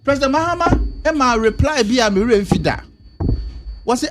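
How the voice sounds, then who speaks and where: A man's voice: very high voice, lively intonation, a little fast. Guy on a radio talk show, emphatic, voice bouncing up and down a lot. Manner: emphatic, switches between Twi and English. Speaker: political commentator.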